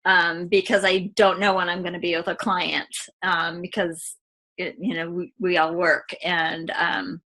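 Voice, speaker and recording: Woman client giving an emotional testimonial, bright voice, many fillers. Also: on the low side, little pitch movement. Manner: halting, many fillers, tearful at times.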